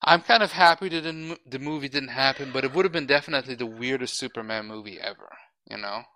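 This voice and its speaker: A man's voice: mid-range voice, fast talker, bright, forceful tone, low-quality recording. A man hosting a podcast, chatting casually with strong opinions and a lot of restarts, and swearing now and then. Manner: rambling, opinionated, frequent restarts. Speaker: podcast host. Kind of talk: casual chat.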